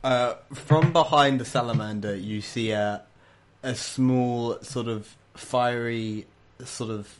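A man narrating a tabletop game as game master, halting with many fillers. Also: mid-range voice.

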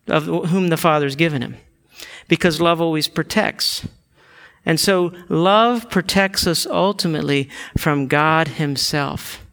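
A man preaching a sermon, retelling scripture stories and acting out the quotes, building to loud emotional peaks. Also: a little high. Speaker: pastor.

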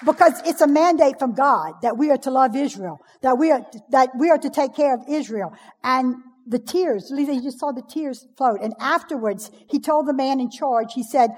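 A high-pitched woman delivers a sermon to a room of women, mixing jokes into her storytelling. Her voice is a little husky, and it rings out with a long reverb from the hall around her. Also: normal speed. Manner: humorous, storytelling, lively preaching. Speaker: pastor's wife speaking at a ladies' event.

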